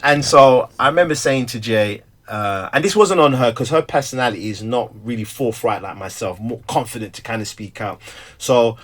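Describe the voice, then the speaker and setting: A middle-aged man, a stay-at-home father who also preaches, talking candidly in an animated, storytelling way with frequent laughter. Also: medium pitch, normal speed. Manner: animated storyteller, acts out quotes, laughs often. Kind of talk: candid conversation.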